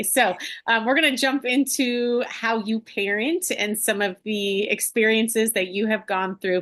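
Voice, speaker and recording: A woman's voice: mid-range voice, a bit bright. A woman co-hosting a podcast, asking her guest questions in an upbeat, encouraging way. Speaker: co-host. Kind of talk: interview questions.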